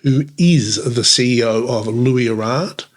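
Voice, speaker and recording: A man's voice: medium pitch, measured pace. Chatty man co-hosting a podcast. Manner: chatty, rambling with fillers and restarts. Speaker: podcast co-host. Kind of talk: casual chat.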